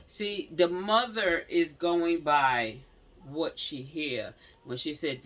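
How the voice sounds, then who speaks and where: A man's voice: on the high side, takes it slowly, a bit bright. A man reading a news story aloud, stumbling over words and breaking off for slangy asides to his viewers. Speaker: commentary channel host.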